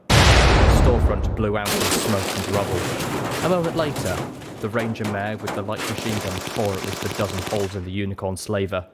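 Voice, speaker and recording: A man narrating a story in first person with a steady, dramatic reading. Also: fairly low pitch, heavy background noise. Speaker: audiobook reader.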